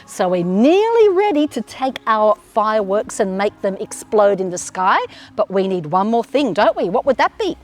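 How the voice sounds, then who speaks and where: A woman's voice: medium pitch, sing-song, moderate pace, few pauses, darkish tone. An Australian woman leading a children's yoga class in an encouraging, sing-song way, with playful animal sounds. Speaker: kids yoga teacher.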